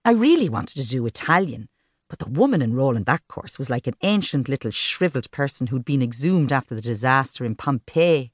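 A woman's voice: rumbling low, very animated, fairly quick, slightly rough, no echo, studio quality, heavily acted. A woman voicing a vivacious, cheeky young female teacher who talks in a bubbly, playful way. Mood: dreamy gossip.

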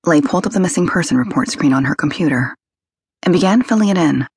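A woman narrates a detective novel with steady, measured delivery. Her voice is husky with a gravelly grain. She is recorded on a close mic in a dry room. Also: deep voice, dry recording. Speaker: audiobook narrator. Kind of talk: scripted narration.

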